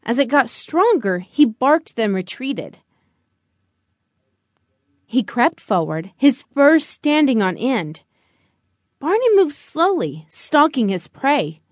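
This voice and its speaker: A woman narrating a children's picture-book audiobook in an expressive storytelling manner. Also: sits high, slow pace, pauses often, dry recording, studio quality.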